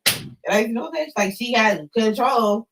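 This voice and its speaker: A young man from California with a Californian accent, telling stories in a casual chat. He is animated, swears a lot and gets shouty when riled up. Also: very high-pitched, moderate pace, far from the mic, noisy background.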